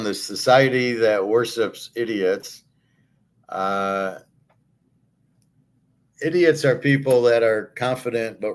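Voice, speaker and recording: A middle-aged man hosting a show, ranting in blunt, profane, scornful commentary. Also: mid-range voice. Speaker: host.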